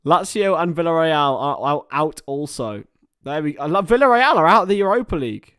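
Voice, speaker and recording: A young man hosting a live football watchalong, excitable and joking, swearing, reading out viewer chat, a little tired after hours on stream. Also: fairly high pitch, fairly quick, smooth. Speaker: livestream host commentating a football match. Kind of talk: casual live watchalong commentary.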